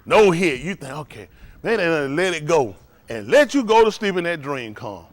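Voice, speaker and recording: A man pastor preaching a sermon, animated and acting out voices. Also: on the high side, moderate pace, dry recording. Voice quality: animated preaching with acted-out voices, laughing and shouting at times.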